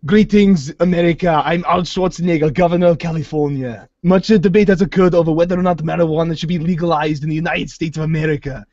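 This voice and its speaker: A man doing a pompous shouting actor-governor. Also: on the high side, fairly even intonation, fast, hardly any pauses, dry recording, dull audio, pitched below the performer's own voice, lightly acted. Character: gruff bodybuilder-actor governor, pompous, easily riled.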